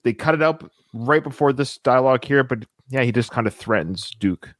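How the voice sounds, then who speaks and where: A man's voice: medium pitch, lively intonation, normal speed, dry recording, clean studio sound. A man hosting a casual film podcast, talking things through as he goes and often restarting his sentences. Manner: chatty, thinks aloud with restarts. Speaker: podcast host.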